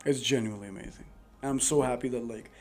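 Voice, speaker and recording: A man's voice: medium pitch, fast, soft background music. A man giving earnest, rambling relationship advice straight to camera, full of "like" fillers. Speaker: advice vlogger. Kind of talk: casual advice monologue to camera. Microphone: new dedicated microphone.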